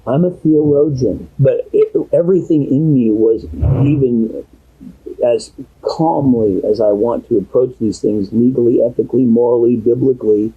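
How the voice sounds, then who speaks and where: A man's voice: medium pitch, moderate pace, husky. A man, a pastor, talking at length in a secretly recorded private conversation, rambling and earnest, at times emotional. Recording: tinny phone-like audio recording.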